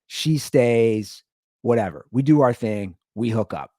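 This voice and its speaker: A man's voice: medium pitch, expressive, unhurried, dark tone, dry recording, clean studio sound. A man hosting a comedy podcast, telling a story and acting out both sides of the argument.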